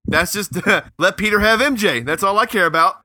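An excitable man talks on a podcast in a high, very bright voice. He trips over his restarts as he jumps in. The sound is close and dry. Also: normal speed, dry recording. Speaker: podcast co-host. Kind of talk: casual podcast chat.

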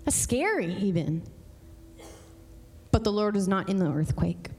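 Female pastor, mid-pitched, emphatic church sermon with long hall reverb. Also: very animated, a little mellow, breathy edge. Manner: conversational, emphatic, swings between fast and slow. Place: church sanctuary.

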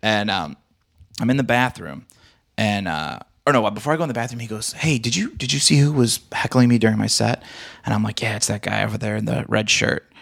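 A man's voice: lowish voice, a little fast, gravelly. A male comedian chatting casually and telling a story, acting out the voices of the people in it. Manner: animated, acts out quoted voices.

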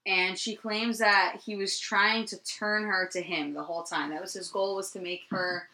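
A woman from New Jersey rambles through a story as a podcast co-host, swearing freely and peppering it with ums. Her voice is bright and clear, and the room gives it a noticeable echo. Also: mid-range voice, fairly even intonation, moderate pace. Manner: rambling and profane, many ums, laughs easily. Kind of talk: casual storytelling chat. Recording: roomy echo.

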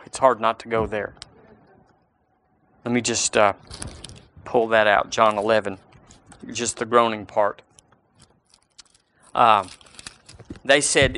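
Bright-voiced preacher. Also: male voice, medium pitch. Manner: emphatic preaching, slows for scripture and rises on key words. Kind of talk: sermon.

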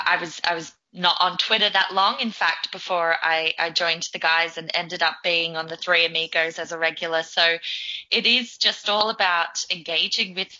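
A woman's voice: lowish voice, sharp tone. A woman who is a regular on a podcast, speaking in a casual, hesitant way with frequent restarts. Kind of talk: casual chat. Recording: lo-fi line.

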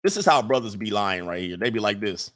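A man, riffing in casual comedic commentary with animated, laughing, slangy storytelling. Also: fairly low pitch, fairly quick. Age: 40s.

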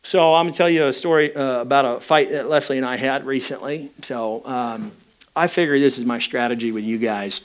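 A pastor preaching a sermon, telling a personal story in a candid, conversational way. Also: male voice, mid-range voice, a little fast.

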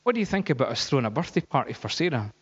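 A man's voice: mid-range voice, sing-song, racing, breathy edge. A man voicing a kindly middle-aged professor who recounts events earnestly. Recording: dull, echoey hall.

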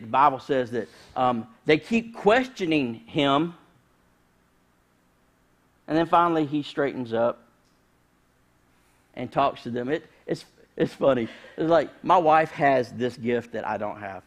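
A man, preaching a sermon in a conversational, humorous storytelling way with sudden loud bursts. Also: medium pitch, expressive, unhurried, pauses often. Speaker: pastor.

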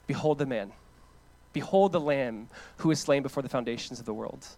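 A man preaching a sermon as pastor, in a conversational, animated way that swings from loud emphatic lines to hushed ones and repeats phrases for emphasis. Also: mid-range voice, a little fast. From United States.

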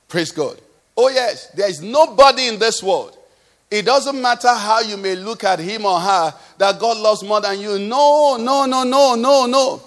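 A man preaching a sermon as pastor, swinging from loud cries to low murmurs.

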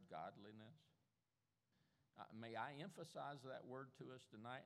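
A man's voice: mid-range voice, creaky. An older man preaching a sermon as pastor, emphatic and insistent, repeating key words to drive them home. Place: church sanctuary. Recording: echoey church hall.

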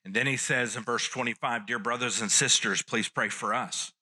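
A man's voice: medium pitch, fairly even intonation, moderate pace, pushed and bright. A man preaching a sermon, teaching earnestly and repeating key phrases for emphasis. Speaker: pastor.

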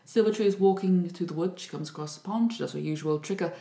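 A woman's voice: lowish voice, fast talker, creaky. A woman casually retelling a folk tale, acting out the characters' voices. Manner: lively, acts out voices. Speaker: storyteller. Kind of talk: casual storytelling chat. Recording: echoey room.

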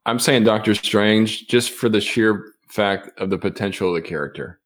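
A man's voice: lowish voice, normal speed. A man joining a casual podcast chat with brief, laid-back, agreeable remarks.

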